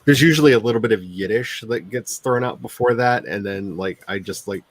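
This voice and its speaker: Hosting a rambling, casual writing stream, this author from the Ozarks laughs a lot and uses a neutral voice rather than his own. His pitch is on the low side and he talks a little fast, with a slight hiss or hum on the audio.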